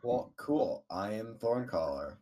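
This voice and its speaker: A man's voice: lowish voice, lively intonation, slow pace, warm tone. A man playing a tabletop game, chatting in a friendly, upbeat way. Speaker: player.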